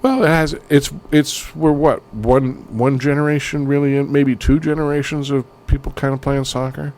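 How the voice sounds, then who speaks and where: A man's voice: medium pitch, level tone, normal speed, darkish tone. A man co-hosting a casual comedy podcast, rambling and irreverent, swearing freely. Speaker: podcast co-host.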